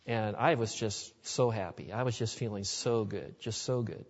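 A man's voice: on the low side, normal speed. A man speaker telling personal stories in an earnest, folksy way during a sermon to a live audience. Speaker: Christian speaker. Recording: dull lo-fi recording in a reverberant hall.

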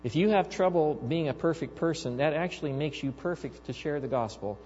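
A man preaching a sermon, telling stories with animated, acted-out quotes. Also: fairly high pitch, brisk, husky, long reverb tail, muffled recording. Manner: animated storytelling, acting out quoted voices. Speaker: pastor.

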